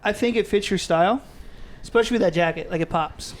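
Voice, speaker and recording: Male podcast co-host, high-pitched, rambling storyteller, casual chat. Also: fast. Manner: laughs often, rambling storyteller. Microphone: studio mic under bright lights.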